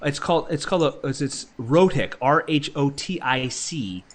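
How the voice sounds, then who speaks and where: A man's voice: on the high side, animated, normal speed. A man in casual livestream conversation who rambles through his points. He trips over his own sentences and fills the gaps with ums and uhs. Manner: rambling, many fillers and restarts. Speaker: podcast co-host.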